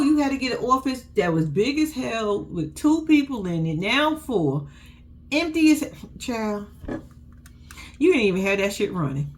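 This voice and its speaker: A woman giving a blunt, sassy, profane recap of a reality show in casual chat, with AAVE features in her speech and big pitch swings when she quotes people. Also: big pitch swings, moderate pace.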